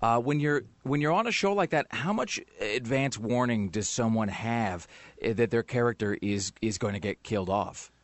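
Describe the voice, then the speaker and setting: A man's voice: mid-range voice, normal speed, no room sound. Male interviewer, chatty, winding questions, dry close sound.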